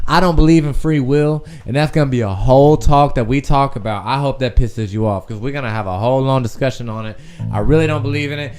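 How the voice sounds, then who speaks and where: A young man hosting a podcast stream, telling a personal story in a candid, profane, animated way. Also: medium pitch, fast talker, smooth, faint music behind. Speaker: podcast host.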